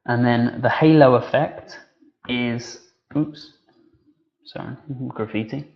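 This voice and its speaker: A man's voice: medium pitch, slow pace, vocal fry, muffled recording. Chatty male teacher trainer on a webinar. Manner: relaxed, conversational, with many fillers and restarts.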